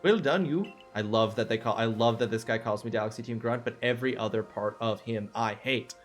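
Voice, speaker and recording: A young adult man chatting casually during a game stream. He is excitable and talkative, answering viewers and reacting as he plays. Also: lowish voice, brisk, soft background music. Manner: chatty, excitable, responding to chat. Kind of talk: casual live-stream chat.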